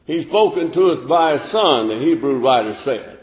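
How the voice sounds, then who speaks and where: Folksy preacher in an echoey hall. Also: male voice, mid-range voice, expressive. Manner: folksy, unhurried, with fillers and restarts. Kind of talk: sermon. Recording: echoey room with long reverb, dull lo-fi sound.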